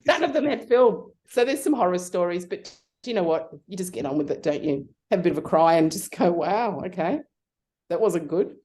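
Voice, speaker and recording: A middle-aged woman spins an anecdote in a relaxed interview, her pitch leaping whenever she acts out what someone said. Her voice sits fairly low and sounds warm and mellow. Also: a little fast. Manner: animated storyteller, acts out voices with big pitch jumps. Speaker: guest. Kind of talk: casual interview storytelling.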